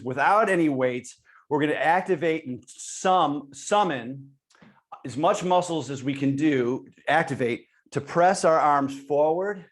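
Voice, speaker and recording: A man presenting an online exercise class over a video call, giving energetic and encouraging coaching cues as he talks the group through each move. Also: fairly high pitch.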